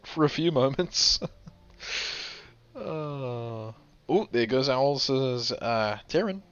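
A man hosting a game tournament stream, tired and with a sore throat, chatting in a relaxed, chuckling, rambling way. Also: mid-range voice, extremely slow, smooth. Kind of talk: casual live game commentary. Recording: dull lo-fi stream audio with game music. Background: faint game music.

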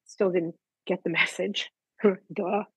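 A woman's voice: lowish voice, steady tone, takes it slowly, a bit bright, breathy edge, no room sound, low-quality recording. An older woman, a guest animal communicator, telling personal stories in casual chat and acting out the voices she quotes.

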